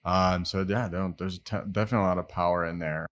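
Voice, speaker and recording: A man with a fairly low voice hosts a podcast conversation. He speaks reflectively, thinking aloud with pauses and fillers as he responds to his guest. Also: steady tone, a bit bright. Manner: reflective, thoughtful, uses many fillers. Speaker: podcast host. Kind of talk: conversational interview.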